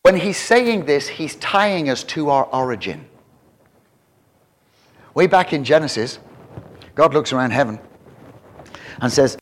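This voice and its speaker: A man preaching a sermon in an animated way, often repeating and restarting words as he builds to emphatic questions. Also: mid-range voice, measured pace, pauses often, slight background noise.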